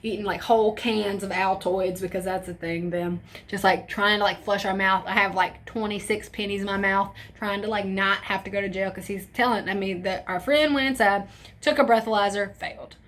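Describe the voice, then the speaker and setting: A young woman telling a storytime tale in casual, profane, animated chat, acting out her friends' lines. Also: medium pitch, moderate pace. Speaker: storytime vlogger.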